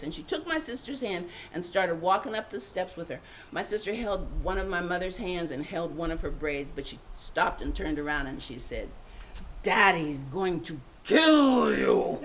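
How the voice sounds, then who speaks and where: An older woman telling a family story live, expressive and laughing often. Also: lowish voice, noisy background.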